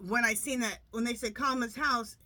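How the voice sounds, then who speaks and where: A woman's voice: a little high, fairly even intonation, fairly quick, background noise. A woman tarot reader talking casually to her viewers, chatty and rambling with many restarts, her nose stuffed up from allergies. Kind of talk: casual monologue to camera.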